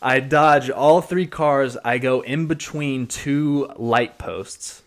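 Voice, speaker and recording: A man's voice: mid-range voice, slow pace. A man co-hosting a podcast, telling a story casually and animatedly, swearing and acting out what he said. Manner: animated, swearing, acts out his own past lines. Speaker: podcast co-host.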